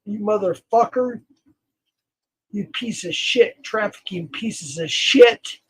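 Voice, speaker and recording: A man hosting a livestream, ranting and swearing with loud outbursts that drop to near mutters. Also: high voice, slow, breathy edge, low-quality recording. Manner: swearing, shouting in bursts, then dropping quiet. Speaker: livestream host. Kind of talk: angry livestream rant.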